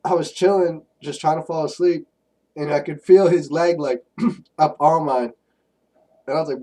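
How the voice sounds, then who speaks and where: A young man, co-hosting a podcast and telling crude, animated stories in casual chat, a bit far from the mic. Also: fairly high pitch, normal speed, pauses often. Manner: profane, animated storytelling. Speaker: podcast co-host.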